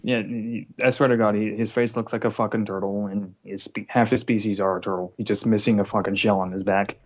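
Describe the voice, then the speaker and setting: A man's voice: fairly low pitch, little pitch movement, brisk. Crude mocking man on a call. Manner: profane, mocking, mimics people in whiny voices. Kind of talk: casual crude drama chat. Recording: slightly dull lo-fi call audio.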